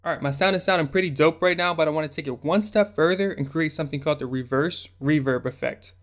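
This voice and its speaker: A man's voice: a little high, fast talker. A man hosting a music production tutorial, talking through the steps in a laid-back, slangy way. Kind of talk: casual screen-recorded tutorial narration.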